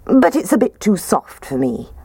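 A woman's voice: medium pitch, sing-song, moderate pace, mellow, husky, dry recording, pitched above the performer's own voice. A woman voicing a fussy, picky little girl in a storybook reading.

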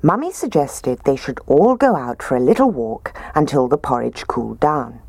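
Woman, storyteller, low voice, very lively pitch, dry close sound. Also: normal speed, creaky, no echo. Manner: expressive, gentle. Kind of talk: children's story reading.

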